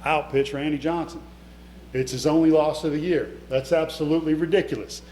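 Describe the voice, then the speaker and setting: A middle-aged man on the high side, with a darkish tone, gives a fairly quick motivational storytelling speech as keynote speaker. His intonation is fairly even, yet the talk is emotional and conversational, spoken directly to listeners in an echoey hall with a faint hum.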